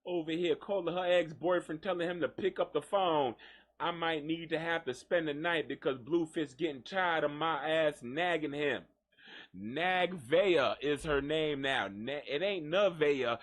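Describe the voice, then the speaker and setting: A man hosting a live gossip show, joking and cursing in an animated, mocking way. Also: a little high, a little slow. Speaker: host. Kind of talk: live gossip radio talk.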